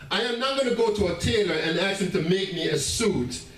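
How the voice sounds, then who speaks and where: A man preaching a sermon as pastor, animated, with laughing asides and stammering restarts. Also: high-pitched, brisk. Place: church sanctuary. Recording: echoey church room heard from a distance.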